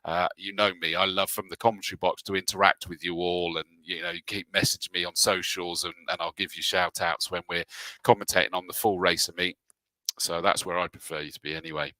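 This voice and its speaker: A man's voice: low voice, little pitch movement, brisk, pushed and bright, no room sound. A man hosting a casual live stream, reading out viewers' comments and chatting back to them in a friendly way. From England. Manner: friendly, reads out names then chats back. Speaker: host and race commentator.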